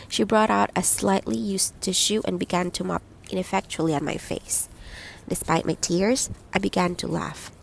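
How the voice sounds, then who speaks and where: Woman reading a story with a gravelly edge. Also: medium pitch, a little hiss or hum, poor audio. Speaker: audiobook narrator. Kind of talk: first-person audiobook narration.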